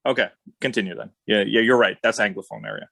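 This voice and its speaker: Middle-aged host, easy chat. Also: male voice, on the low side, steady tone, fast, creaky, a bit bright, no room sound. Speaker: podcast host. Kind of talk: casual podcast chat.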